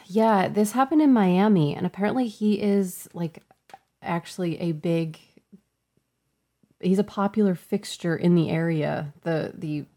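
A woman co-hosting a relaxed news chat, her voice lower and mellow. She tells stories in a loose, conversational way, trailing off now and then. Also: a little slow. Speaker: co-host of a market news show. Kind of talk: casual chat.

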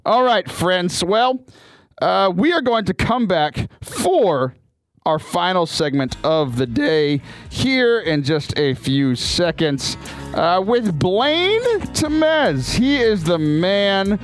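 A man's voice: high-pitched, sing-song, slow, soft background music. Earnest, upbeat male podcast host. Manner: earnest and upbeat, with frequent restarts. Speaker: podcast host and youth missionary. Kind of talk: casual podcast talk. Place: studio.

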